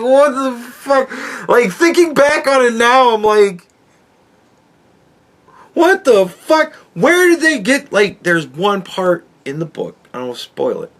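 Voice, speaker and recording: A man's voice: mid-range voice, a bit bright. A man hosting a podcast, ranting in a casual and profane way, with exasperated outbursts and laughs. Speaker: podcast host reviewing a book.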